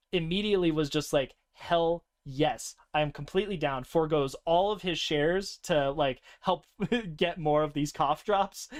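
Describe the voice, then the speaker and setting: A young man co-hosting a podcast, casually recounting a tabletop game session with lively laughter. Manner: animated, laughing often, breaks into high-pitched character voices. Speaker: podcast co-host.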